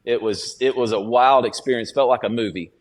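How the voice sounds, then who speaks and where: A man, a student pastor, giving an earnest personal testimony as a podcast guest, in a halting, restarting way. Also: mid-range voice.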